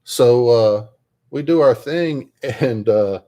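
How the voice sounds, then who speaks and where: A man's voice: medium pitch, slow pace, dark tone. A man telling a rambling, self-interrupting tabletop gaming story in a casual way while painting at his hobby desk. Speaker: miniature painter and tabletop gamer.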